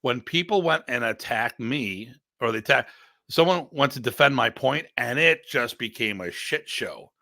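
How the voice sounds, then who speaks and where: A middle-aged American man, a podcast host and martial arts instructor, telling stories in an animated, blunt, joking way and acting out quoted exchanges. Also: normal speed, vocal fry, no echo, clean studio sound. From United States. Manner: animated, acts out quoted exchanges with pitch jumps; rambling with restarts, blunt and joking. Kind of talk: casual storytelling chat.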